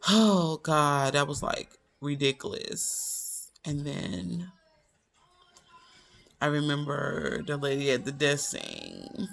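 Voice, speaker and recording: A young woman tells a personal story to her camera in a loose, chatty way. She swings into quoted voices, and her tone is bright with a gravelly edge of fry. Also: low-pitched, takes it slowly, slight background noise. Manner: animated, quotes people in raised voices, drawls "baby". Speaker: vlogger. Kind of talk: casual storytelling.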